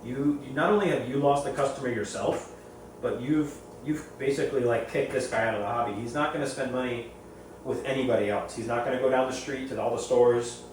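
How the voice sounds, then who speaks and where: Male reef hobbyist, rambling opinionated storyteller, mid pitch, recorded from a distance in a very echoey room. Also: brisk. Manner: rambling, repeats and restarts phrases. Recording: very echoey room, far from mic, faint noise.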